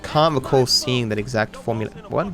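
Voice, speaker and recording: A young Australian man giving casual commentary over a speedrun, sarcastic and self-deprecating, with sudden excited outbursts. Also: mid-range voice, moderate pace, music in the background. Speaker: speedrunning streamer.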